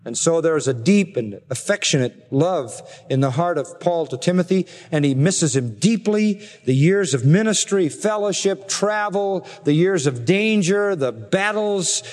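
A man's voice: fairly high pitch, expressive, unhurried, few pauses, a little mellow, long reverb tail. A man preaching an expository sermon in an earnest, emphatic way, with rhetorical questions. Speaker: pastor.

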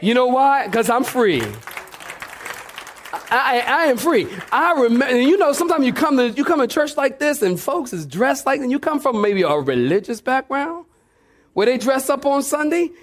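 Man, pastor, very high-pitched voice, sermon, jokey storytelling, banter with the congregation, church. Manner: humorous, storytelling, talks back and forth with the congregation. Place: church sanctuary before a congregation.

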